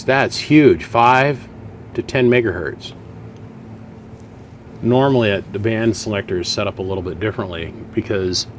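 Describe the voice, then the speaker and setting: Man, lowish voice, folksy, chatty, explaining as he goes, home workshop, faint air conditioner hum. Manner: folksy, chatty, thinking aloud while explaining. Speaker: radio equipment hobbyist. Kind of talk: casual workshop vlog.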